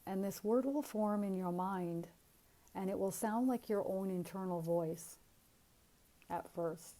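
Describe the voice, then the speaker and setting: A woman giving a spiritual teaching talk, speaking in a calm, earnest and encouraging way. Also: mid-range voice, a little slow.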